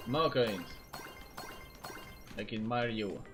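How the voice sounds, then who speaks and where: A man's voice: on the low side, animated, slow, a bit bright, soft background music. Chatty man commentating his game. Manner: chatty, reacting, mumbling asides. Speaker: streamer.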